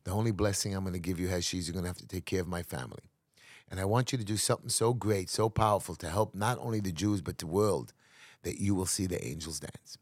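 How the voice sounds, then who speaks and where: A man's voice: low voice, quick pace, dry recording, studio quality. A man doing his solemn elderly father. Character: elderly survivor father giving a solemn blessing.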